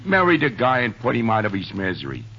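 An actor playing a hot-headed, tough young man with a gun in an old radio comedy, talking in a gruff, slangy bluster. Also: medium pitch, huge pitch swings, fast, pushed and bright, heavily acted. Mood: pleading. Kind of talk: 1930s radio comedy acting. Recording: muffled old radio recording.

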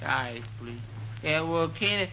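An actor playing a bashful, slow-witted grown male pupil in an old radio comedy, speaking in a hesitant, ungrammatical drawl. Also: a little high, animated, gravelly, sharp tone, a little hiss or hum, exaggerated voice. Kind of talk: 1930s radio comedy acting. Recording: muffled old radio recording.

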